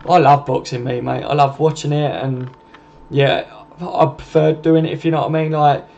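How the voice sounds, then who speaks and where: A man's voice: fairly high pitch, fairly even intonation, moderate pace, gravelly, a little mellow, lo-fi sound. A man with a southern English accent hosting a casual live stream, rambling in a matey way as he answers viewers' comments. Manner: rambling and matey, keeps adding "and that" and "mate". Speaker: live-stream channel host.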